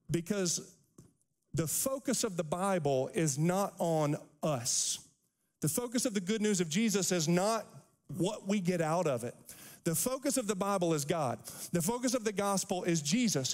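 A man pastor preaching a sermon, animated, acting out the quotes from scripture. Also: sits high. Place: church sanctuary. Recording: long hall reverb.

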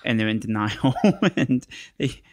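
A man's voice: lowish voice, a little slow, a little mellow, dry recording. A man from England co-hosting a podcast in casual chat, teasing and laughing at his own jokes. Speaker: podcast co-host.

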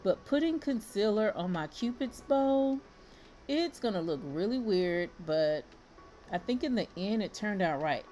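A woman's voice: mid-range voice, darkish tone. A middle-aged woman, chatting casually through a makeup tutorial and laughing often. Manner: chatty, laughs often, addresses viewers as y'all. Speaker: beauty vlogger.

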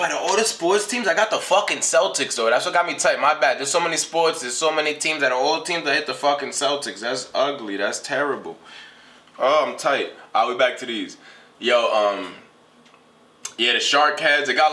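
A young man doing a casual unboxing vlog, talking in an animated, profane way that swings between griping and hype. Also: medium pitch. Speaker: vlogger unboxing clothes.

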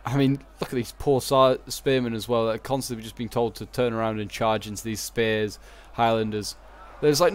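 A man's voice: medium pitch, fairly even intonation, a little fast. Chatty man commentating a game. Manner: chatty, thinking aloud with frequent fillers. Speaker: gaming commentator.

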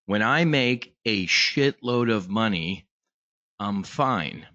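A man's voice: lowish voice, animated, slow pace, sharp tone, no room sound, dull audio. A man hosting a live trading brief, talking casually with lots of fillers and restarts, blunt and sometimes profane. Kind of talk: casual live market talk.

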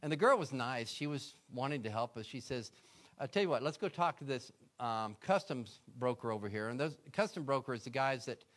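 A man's voice: medium pitch, lively intonation, brisk, fairly bright tone. A middle-aged man, a guest speaker, telling a story in a sermon and acting out his own prayers.

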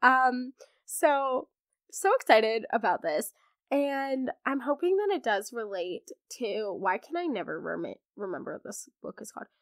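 Young female podcast host, hoarse, animated and gushing, higher voice. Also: unhurried, no echo, clean studio sound. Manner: gushing, animated, acts out characters in quotes. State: hoarse from laryngitis. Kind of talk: casual book chat.

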